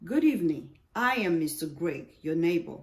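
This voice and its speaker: A woman's voice: deep voice, very animated, normal speed. A woman voicing a nosy, chatty old male neighbor who teases and rambles in a friendly way.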